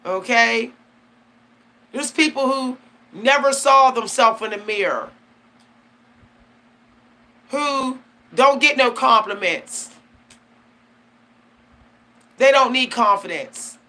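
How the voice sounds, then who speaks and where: A woman's voice: on the high side, lively intonation, slow, pauses often, pushed and bright. A woman hosting her channel, talking casually and emphatically about spiritual matters, slangy and laughing often. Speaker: channel host. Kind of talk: casual spiritual talk to camera.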